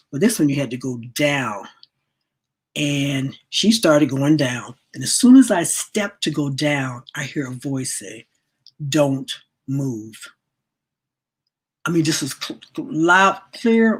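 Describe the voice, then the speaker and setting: A woman's voice: low-pitched, slightly rough. A middle-aged woman telling a personal spiritual story in a rambling way, repeating words and acting out the voices she quotes. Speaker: speaker sharing a spiritual lesson.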